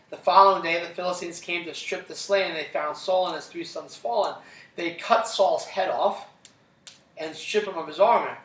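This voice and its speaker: A man's voice: on the high side, fairly bright tone, echoey room, far from the mic. A man teaching a casual classroom Bible lesson, retelling scripture conversationally and checking in with listeners after nearly every sentence. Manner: conversational, checks in with "right?" constantly.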